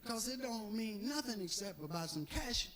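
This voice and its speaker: A man doing stand-up, telling stories in an animated, profane way and acting out the people in them. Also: high voice, moderate pace, heavy background noise. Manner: animated, profane, acts out characters. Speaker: stand-up comedian. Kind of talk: stand-up storytelling.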